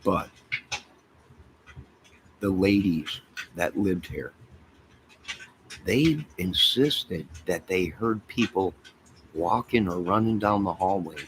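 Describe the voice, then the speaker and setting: Man, livestream host. Deep voice, slow unhurried delivery, rambling storyteller, noisy home stream. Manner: rambling, storytelling, talks to chat and to his pets. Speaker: livestream host chatting with viewers. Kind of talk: casual rambling livestream chat. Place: home apartment by a fire. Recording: steady background noise.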